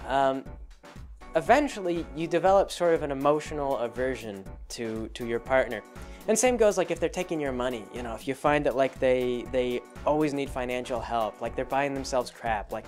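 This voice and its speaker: A man hosting a casual monologue, rambling through an explanation with many fillers and restarts. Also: mid-range voice. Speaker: host.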